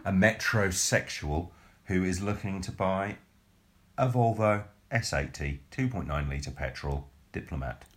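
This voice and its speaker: A man's voice: deep voice, measured pace. An English man co-hosting a podcast, chatting in a wry, self-mocking way. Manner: wry, self-mocking, mock-posh at times. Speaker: podcast co-host. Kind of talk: casual banter.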